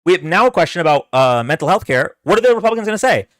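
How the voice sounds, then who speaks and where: Man, stream reaction commentary, rambling, lively swooping pitch, dry close sound. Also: racing, dry recording. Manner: animated, rambling, talks to chat. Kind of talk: casual live reaction commentary.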